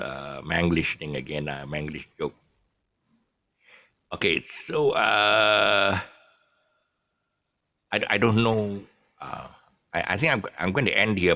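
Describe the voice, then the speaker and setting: A man's voice: sits low, a bit bright, dry recording. A man with a Malaysian English accent, chatting casually and rambling through his explanations with many ums and restarts, adding jokes. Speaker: vlogger. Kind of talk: casual monologue explaining local slang.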